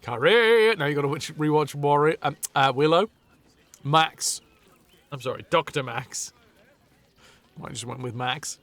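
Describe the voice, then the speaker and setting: A man's voice: a little high, measured pace, long pauses, a bit bright, no echo. A man livestreaming a video game, chatting casually, cracking jokes and thanking his viewers. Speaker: streamer. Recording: faint game music behind.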